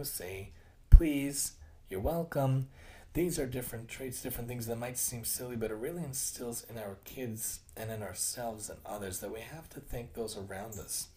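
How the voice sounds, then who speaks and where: Podcast guy talking earnestly, low mellow voice, repeats himself a bit, acts out little quotes. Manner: earnest, repeats and restarts phrases; acts out quoted remarks in other tones. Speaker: podcast host; occupational therapist. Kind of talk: casual monologue.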